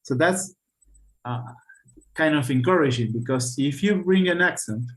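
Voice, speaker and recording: A man with a Spanish accent teaching an English class over a video call, talking haltingly with many fillers and frequent checks of "right?". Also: medium pitch, expressive, fairly bright tone, poor audio.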